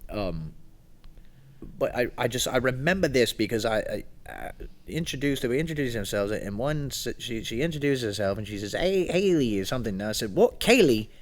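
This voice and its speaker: A man's voice: medium pitch, animated, a little fast. A man co-hosting a podcast, telling a meandering story in a loose, casual way. He laughs often and slips into other people's voices when he quotes them. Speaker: podcast co-host. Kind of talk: casual chat.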